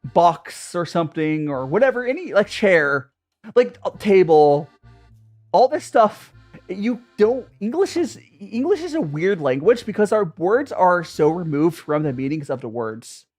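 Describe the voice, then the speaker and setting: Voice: medium pitch, very animated, unhurried, darkish tone, soft background music. A young adult streamer chatting casually over tea, rambling and greeting viewers by name. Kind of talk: casual chat while drinking tea.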